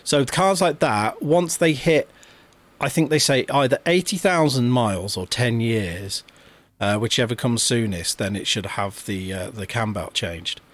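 A man's voice: mid-range voice, a little slow, a bit bright. A man co-hosting a podcast, talking casually with many fillers and restarts. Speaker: podcast co-host. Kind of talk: casual chat.

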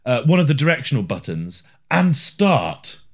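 A man's voice: medium pitch, very animated, normal speed. A man co-hosting a casual chat about retro video games, joking and laughing often as he talks. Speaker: podcast co-host.

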